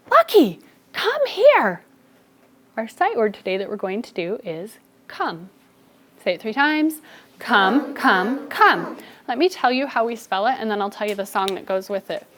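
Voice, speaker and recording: A woman teaching a first grade spelling lesson, giving brisk, encouraging instructions to her class. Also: medium pitch.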